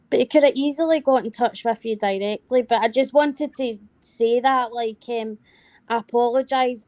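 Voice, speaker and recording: A woman's voice: fairly high pitch, darkish tone, no room sound. Scottish woman, dry close sound. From Scotland. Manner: apologetic, rambling. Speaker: panel guest. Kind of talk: casual chat.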